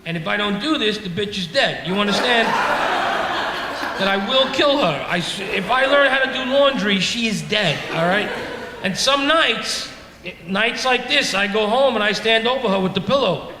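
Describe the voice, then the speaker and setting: A man's voice: high-pitched, lively intonation, moderate pace, bright, forceful tone, a little hiss or hum. A middle-aged man doing a stand-up comedy set in a club, ranting in an exasperated, self-mocking way. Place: comedy club stage with laughing audience. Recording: echoey club room with reverb.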